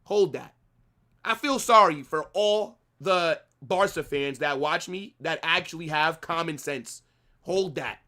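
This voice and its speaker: Man, young adult, football streamer, profane ranting, high voice. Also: unhurried, sharp tone. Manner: profane, ranting, repeats himself. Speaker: streamer hosting a football watch-along. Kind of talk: live watch-along rant.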